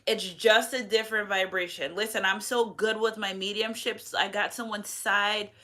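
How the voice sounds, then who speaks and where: A woman's voice: mid-range voice, fairly even intonation, normal speed, pushed and bright. A woman in her thirties giving a casual spiritual reading as a medium, chatty and rambling, emotional, with many restarts and asides. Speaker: tarot reader and medium.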